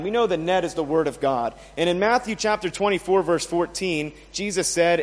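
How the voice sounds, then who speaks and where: A pastor preaching a sermon to his church, emphatic, asking rhetorical questions and swinging between loud and soft. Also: sits high, big-room sound. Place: church in a large hall.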